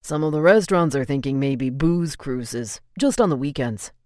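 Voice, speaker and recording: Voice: mid-range voice, lively intonation, normal speed, darkish tone, dry recording, studio quality, lightly acted. A narrator voicing a blunt young man who manages a restaurant and swears casually, read in an audiobook. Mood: matter-of-fact.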